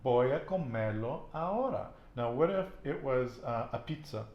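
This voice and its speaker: A man's voice: mid-range voice, expressive, normal speed, reverberant, muffled recording. A man teaching a casual language lesson, patiently asking questions and repeating his student's answers with encouragement. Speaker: Spanish teacher.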